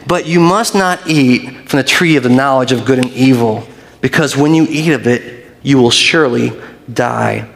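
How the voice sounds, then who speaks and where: Male pastor, slightly high voice, chatty sermon delivery, echoing hall. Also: vocal fry. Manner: conversational, with short repeated phrases. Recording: long hall reverb.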